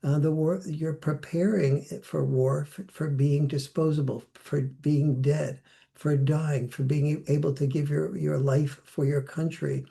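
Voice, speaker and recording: A man's voice: a little high, steady tone, measured pace, gravelly, dark tone. An older man speaking reflectively as a podcast guest, now and then acting out the voices he quotes. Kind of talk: conversational interview.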